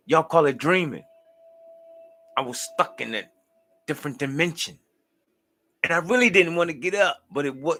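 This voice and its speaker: A man's voice: a little high, bright, forceful tone. A tired man hosting a late-night livestream, rambling loosely in slang and preaching about life. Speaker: livestream host.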